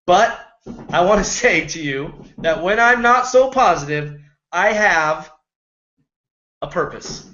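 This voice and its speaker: A man's voice: high-pitched, bright, forceful tone, dull audio. A man giving an earnest, rambling motivational talk about network marketing, often acting out the people he quotes.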